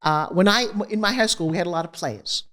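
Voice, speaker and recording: A woman as an interview guest, telling personal stories in an energetic, expressive way. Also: on the low side, brisk.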